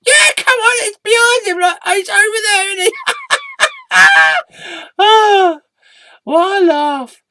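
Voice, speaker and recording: A man voicing a loud, cheeky, rude male red sock puppet who yells in a squeaky, shrieking voice. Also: animated, slow, full character voice. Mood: gleeful. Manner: yelling, cackling, rude.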